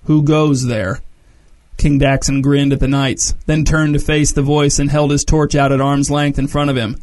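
A man reading a story aloud as narrator, measured and descriptive. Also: on the high side, completely flat delivery, darkish tone.

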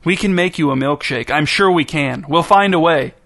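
A man's voice: fairly high pitch, moderate pace, a bit bright. A man voicing an eager, starstruck young waitress in a storybook reading. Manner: eager, gushing.

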